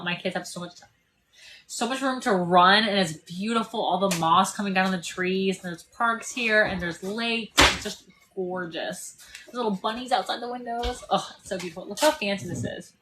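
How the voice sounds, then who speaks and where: A woman in her twenties hosts a casual TikTok live stream from an RV parked at a state park, where she also mentions being a landlord. She is chatty and laughs often, but her fairly low voice is a little worn as she loses it. Background noise is audible.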